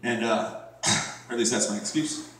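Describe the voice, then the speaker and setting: A stand-up comedian in his thirties from Florida, USA, delivers a crude, rambling, profanity-filled set at medium pitch and normal speed. Captured by a distant room mic on a comedy club stage, the sound is very echoey and far off.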